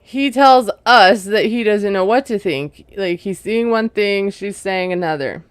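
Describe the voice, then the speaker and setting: A woman's voice: mid-range voice, a little slow, smooth, no echo. A woman recapping a reality TV episode in casual commentary, chatty and amused, filling her talk with "like" and "you know". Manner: chatty, retelling scenes with lots of "like" and "you know"; amused, laughing at what she retells.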